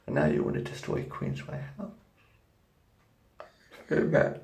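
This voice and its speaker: A man in his fifties ranting angrily and swearing heavily in his own flat. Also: a bass voice, unhurried, creaky. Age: 50s. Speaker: vlogger. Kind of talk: angry personal rant to camera. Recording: echoey room.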